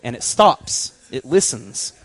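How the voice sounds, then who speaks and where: A man giving a storytelling sermon as a youth pastor, animated and acting out voices, laughing often. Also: medium pitch, slow, husky, no room sound.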